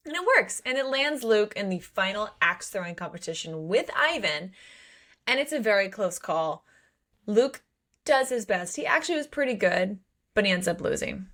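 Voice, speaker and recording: A woman's voice: mid-range voice, normal speed. A woman co-hosting a book podcast in casual chat, acting out the characters' lines as she recaps. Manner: animated, acts out characters' lines. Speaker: podcast co-host.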